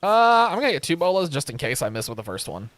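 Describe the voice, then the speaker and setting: A man's voice: a little high, very animated, fast, a bit bright, no room sound. A young man streaming a game from home, rambling in casual commentary with wry, sarcastic asides. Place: home room with a webcam.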